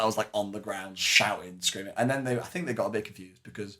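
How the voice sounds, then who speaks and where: A man, a podcast co-host telling animated stories in casual chat and acting out shouted lines. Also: on the low side, fast.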